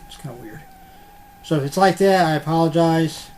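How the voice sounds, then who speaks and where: A casual man talks to his webcam in a loose, meandering way, full of fillers and the occasional swear. His voice sits a little high for a man. A faint hum of room noise runs beneath the recording. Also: moderate pace, darkish tone. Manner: rambling, filler-heavy, mildly profane. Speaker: unboxing vlogger. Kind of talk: casual rambling unboxing chat. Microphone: computer webcam.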